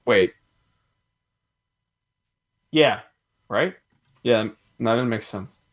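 A young man co-hosting a casual sports chat, animated and laughing often as he thinks aloud. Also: medium pitch, very slow. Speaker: podcast co-host.

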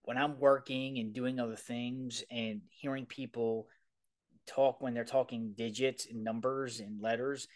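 A man's voice: medium pitch, little pitch movement, a little slow. Casting: Baltimore-born man, thick local accent, loose rambling podcast co-host. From Baltimore, Maryland. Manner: rambling, filler-heavy, many "like"s. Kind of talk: casual chat.

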